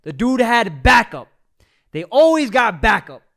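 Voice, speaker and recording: Excitable man reacting, bro-heavy. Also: extremely high pitch, a little slow, vocal fry. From New York City, US. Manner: excitable, says "bro" constantly. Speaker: reaction video host. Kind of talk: reaction commentary.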